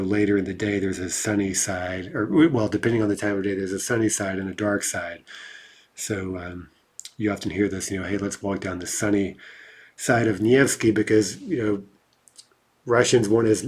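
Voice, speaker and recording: A man with a somewhat low, husky voice walks through a language lesson in a relaxed, explanatory manner. He reads numbered example sentences aloud, then unpacks each one, often pausing to ask "right?". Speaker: Russian language teacher.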